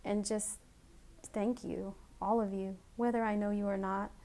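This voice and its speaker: A woman speaks to her viewers in a heartfelt personal video message. Her voice stays flat and even in pitch while she talks in a halting, emotional way, often stopping and starting again. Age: adult with children. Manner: emotional, halting, grateful, with fillers and restarts. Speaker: vlogger.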